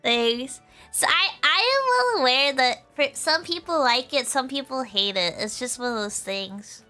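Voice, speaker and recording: A woman streamer with a very high, bright, girlish voice that leaps around lively as she chats unhurriedly with her audience. She giggles often and strings her sentences together with "like", and faint music plays behind her. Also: measured pace. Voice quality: high, girlish voice that viewers comment on. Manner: giggly, laughs often, full of "like" fillers. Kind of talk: casual chat stream.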